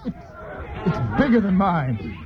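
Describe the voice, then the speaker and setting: A man voicing a rude, blunt cartoon guy who bursts into shouts, heard in dull lo-fi TV audio over a crowd. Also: high-pitched, very animated, a little slow. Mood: excited. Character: rude loudmouth male cartoon friend.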